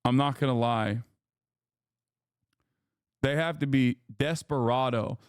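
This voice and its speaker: A man rambles and rants through his livestream commentary, swearing freely. His voice is smooth and clear. It is recorded close and dry, with no room sound. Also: mid-range voice, takes it slowly, no room sound. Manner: profane, ranting, animated rambling. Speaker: streamer host.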